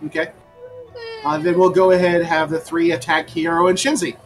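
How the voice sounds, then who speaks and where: A man narrating as game master of a tabletop game, pausing often with ums and uhs. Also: fairly high pitch, flat delivery, faint music behind, poor audio. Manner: halting, with many ums and uhs.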